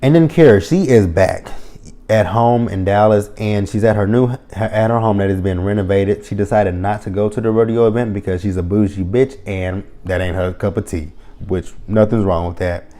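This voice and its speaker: Blunt, profane man with a mellow low voice. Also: moderate pace. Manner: blunt, heavily profane, full of fillers. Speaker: reality TV reviewer. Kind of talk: casual opinionated commentary. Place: lives near the area the show covers.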